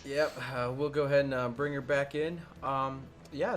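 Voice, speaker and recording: A young man hosts a loose podcast, swearing and joking in a relaxed, offhand way. His pitch sits at an ordinary middle height for a man. Faint music plays underneath. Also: moderate pace, hardly any pauses. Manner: crude, joking, laid-back. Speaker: podcast host. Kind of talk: casual chat.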